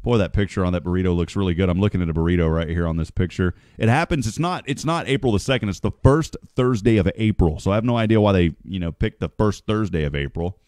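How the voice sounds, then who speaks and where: Man, radio host, folksy and jokey, lowish voice, dry sound. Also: fast talker, few pauses, darkish tone, no echo. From United States. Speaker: radio morning show host. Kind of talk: casual radio chat.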